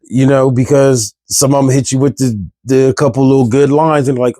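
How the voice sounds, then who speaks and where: A man rants straight to his camera, profane and exasperated, hammering rhetorical questions. His voice sits at a middle pitch. The sound is dry and close, with no room echo. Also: fairly even intonation, moderate pace, hardly any pauses, dark tone. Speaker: vlogger. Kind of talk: candid ranting monologue.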